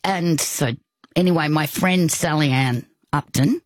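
An older woman tells a personal story at an unhurried pace, stopping and restarting as she goes. Her voice is low and husky. The sound is close and dry. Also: no echo. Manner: halting, with many restarts and asides. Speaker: guest. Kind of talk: storytelling in conversation.

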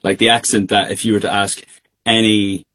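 Irish male guest on a remote call, low-ish voice, easygoing and chatty, frequent ums. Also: normal speed. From Ireland. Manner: relaxed, laughs easily, many fillers. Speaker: guest singer. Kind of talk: casual interview chat.

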